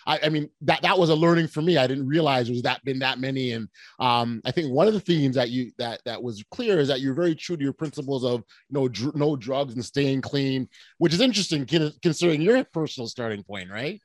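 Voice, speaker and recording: A man hosting a podcast, asking reflective, measured questions in a conversational interview. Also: medium pitch, expressive, dry recording. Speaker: podcast host.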